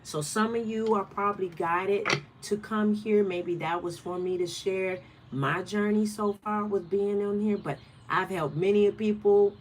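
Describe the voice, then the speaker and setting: A woman's voice: mid-range voice, fairly even intonation, a little slow, few pauses, slight background noise. A woman from Michigan hosting a card-of-the-day livestream, talking bluntly and repeating her points for emphasis. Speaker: spiritual card reader, channel host. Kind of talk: casual livestream talk.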